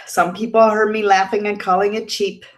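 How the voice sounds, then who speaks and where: Casual fifties woman livestream host, mid-range pitch, laughs easily, echoey room sound. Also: flat delivery, normal speed. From Indiana, United States. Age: 50s. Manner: chatty and emotional, laughs often. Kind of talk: casual livestream chat, reading viewer comments.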